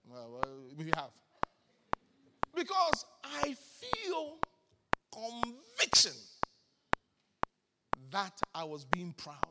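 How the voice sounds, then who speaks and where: A man's voice: a little high, long reverb tail, very noisy. A man preaching a sermon as a bishop, emphatic and repetitive, often questioning the congregation directly. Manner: emphatic, repeats phrases for effect.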